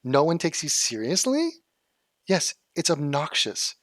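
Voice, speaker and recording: A man's voice: a little high, big pitch swings, unhurried, a bit bright, no echo, studio quality. A man from Los Angeles doing sarcastic, profane reaction commentary, mocking clips he reacts to. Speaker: commentary youtuber.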